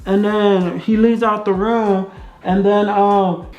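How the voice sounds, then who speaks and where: A woman's voice: mid-range voice, level tone, slow pace, a little mellow. A young woman vlogger telling a casual story, chatty and repetitive with many fillers. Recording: echoey room, dull sound, faint music.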